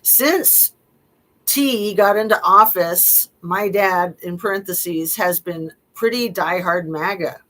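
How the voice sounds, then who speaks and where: A woman's voice: lowish voice, takes it slowly, fairly bright tone, rough recording. A middle-aged woman reading text messages aloud and commenting on them casually, with wry, skeptical asides and frequent fillers. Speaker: true-crime commentator.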